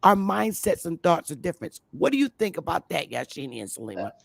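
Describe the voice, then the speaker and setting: A woman from Connecticut hosting a casual conversation, talking in a slow, emphatic, outspoken way. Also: lowish voice, big pitch swings, creaky, husky, no echo. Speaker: host.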